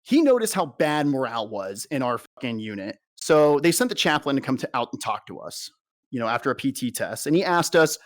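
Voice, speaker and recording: Blunt, profane young soldier telling stories. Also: male voice, medium pitch, very animated, brisk. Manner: blunt, heavily profane storytelling. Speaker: soldier interviewee. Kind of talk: candid personal account.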